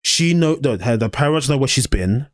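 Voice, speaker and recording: A male podcast co-host chatting casually and bluntly, swearing freely and slipping into little acted-out scenes. His voice sits in a middle pitch. The recording is bone-dry, with no room sound at all. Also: animated, moderate pace, no echo. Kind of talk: casual review chat.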